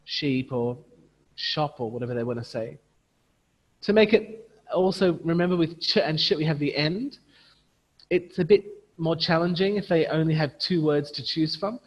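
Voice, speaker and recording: A man's voice: fairly high pitch, moderate pace, big-room sound, lo-fi sound. A man running an online teacher training, demonstrating phonics sounds and chanting prompts as he would to young learners.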